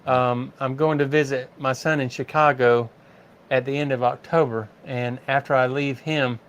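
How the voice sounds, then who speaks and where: A man's voice: medium pitch, steady tone, normal speed, fairly bright tone, clean tone, highs cut off. Easygoing older man chatting. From rural United States. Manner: reads viewer comments aloud, laughs easily. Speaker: livestream host. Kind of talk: casual livestream chat.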